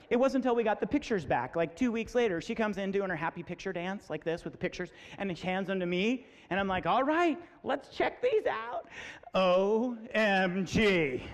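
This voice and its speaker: A man in his forties telling comic stories to students at a school assembly, acting out voices. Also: high voice. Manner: animated, acts out voices, comic. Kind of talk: storytelling talk to students. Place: school hall. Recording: echoey hall.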